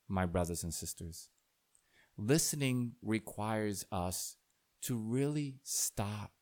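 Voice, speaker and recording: A man preaching a sermon as a priest, speaking slowly and deliberately, building to dramatic rises when he tells a story. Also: fairly low pitch, darkish tone.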